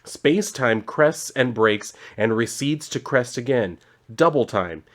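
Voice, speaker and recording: A man reading the lines of a grave male alien guide from a comic, slow and drawn out. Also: medium pitch, expressive, a bit bright. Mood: solemn. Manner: slow, drawn-out solemn delivery. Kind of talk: reading comic dialogue aloud.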